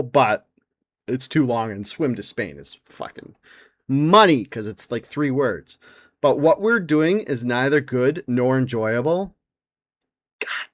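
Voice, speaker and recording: A man in his forties talks alone on his own comedy podcast, rambling, swearing and playing at outrage, often jumping up into a high, excited register. His voice is mid-pitched and sits close to the mic in a dry room. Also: no room sound. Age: 40s. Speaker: podcast host. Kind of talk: solo comedic podcast rant.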